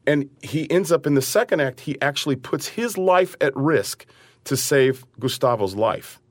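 Animated man, dry close sound. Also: mid-range voice, moderate pace, no echo. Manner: animated, acts out his character's lines. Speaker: opera singer. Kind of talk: interview conversation.

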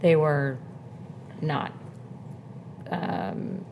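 A woman opera singer on a panel, speaking hesitantly with many pauses and fillers. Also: rumbling low, lively intonation, vocal fry, background noise. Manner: slow, hesitant, many ums. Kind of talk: panel interview.

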